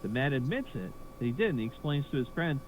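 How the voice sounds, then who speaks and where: A man telling a stand-up joke as a lively storyteller. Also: medium pitch, fast talker, slight background noise, low-quality recording. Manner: lively storyteller, laughs at own punchline. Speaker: comedian telling a joke, then handing to next act.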